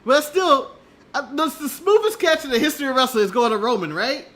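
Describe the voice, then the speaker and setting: Co-host, US man, very high and bright voice, jokey and quick to laugh. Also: very animated. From United States. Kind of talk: casual live-stream chat.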